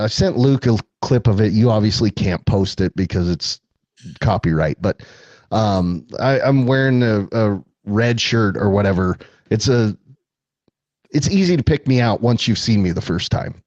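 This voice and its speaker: A man's voice: mid-range voice, a little mellow, no room sound, dull audio. Chatty man telling stories, dry sound. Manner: chatty, laughs often, many fillers. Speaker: guest, former film extra. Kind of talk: casual storytelling.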